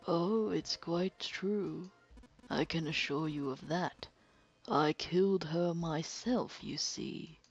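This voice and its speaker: A woman reading as a hushed, sadistic killer. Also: deep voice, slightly rough, dull audio, faint music behind, heavily acted. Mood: menacing calm. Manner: slow, hushed, mocking and polite. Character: calm sadistic middle-aged male killer. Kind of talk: dramatic reading of game text.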